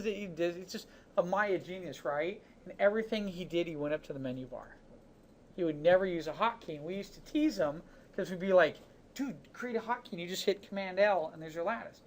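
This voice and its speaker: A man teaching a 3D modeling class, talking casually through each step of a software demonstration with chatty asides. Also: high-pitched, slight background noise. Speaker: 3D modeling instructor. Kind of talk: live software demonstration lesson.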